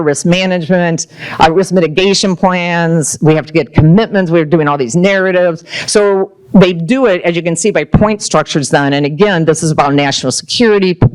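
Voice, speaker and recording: A woman giving a presentation talk to a club audience, energetic and excitable when she tells a story. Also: deep voice. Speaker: speaker at a club luncheon.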